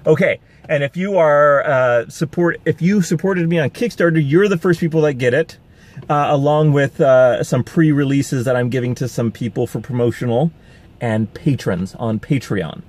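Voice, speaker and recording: A man's voice: medium pitch, normal speed, a little mellow. A man chatting casually to camera while out on a rainy city street, rambling and upbeat and laughing often. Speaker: vlogger. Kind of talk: casual vlog chat. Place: outdoors on a city street in the rain.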